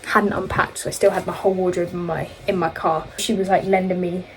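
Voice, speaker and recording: A woman's voice: fairly low pitch, little pitch movement, brisk, low-quality recording. A young woman vlogger telling a long story in casual chat, rambling and correcting herself as she goes. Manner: rambling, self-correcting, chatty.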